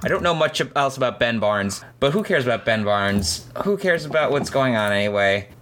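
A man's voice: mid-range voice, lively intonation, a little fast, fairly bright tone, slight background noise. A young man co-hosting a casual podcast, rambling and correcting himself as he chats. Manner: rambling, self-correcting, tired. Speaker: podcast co-host. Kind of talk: casual chat.

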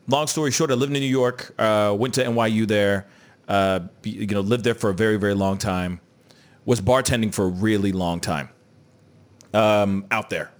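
A young man from St. Louis hosting a casual live-stream show, joking and reading viewer comments aloud. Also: lowish voice. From St. Louis, Midwest US. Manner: jokey, laughing, reads viewer comments aloud. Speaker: show host.

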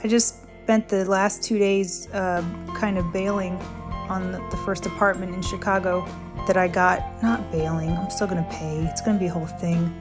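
A woman's voice: on the low side, fairly even intonation, normal speed. A woman hosting a comedy show, chatting casually with rambling, self-deprecating asides. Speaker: podcast host and voice actor. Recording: music playing behind.

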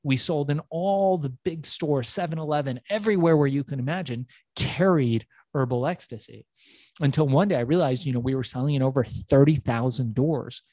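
A middle-aged man telling his story as an interview guest, animated and acting out dialogue, swearing freely. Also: medium pitch, moderate pace, no room sound.

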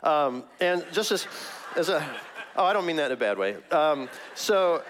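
A middle-aged male pastor from Missouri preaching a casual, conversational sermon with many fillers and frequent laughs, jumping up in pitch when he acts out a story. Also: big pitch swings, moderate pace, a bit bright, slight background noise. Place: church sanctuary.

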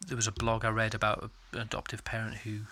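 A man's voice: on the low side, completely flat delivery, fast talker, bright, forceful tone. A middle-aged man co-hosting a podcast, talking candidly in a casual, self-deprecating and jokey way. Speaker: podcast co-host. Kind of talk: casual chat.

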